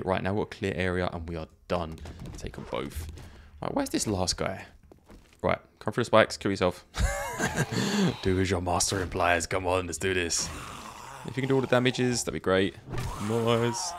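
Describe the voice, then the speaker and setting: A man's voice: sits low, gravelly, fairly bright tone, slight background noise. A man chatting casually while he plays a zombie survival game, thinking aloud and laughing often. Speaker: gaming YouTuber. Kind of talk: let's play commentary.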